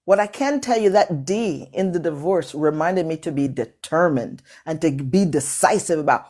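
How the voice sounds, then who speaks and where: Here a middle-aged workshop host and motivational speaker, whose English carries a non-native accent, leads a talk on a live call. Her low-pitched, slightly mellow voice is animated and moves at a moderate pace with few pauses, preacherly and emphatic, with phrases repeated for effect.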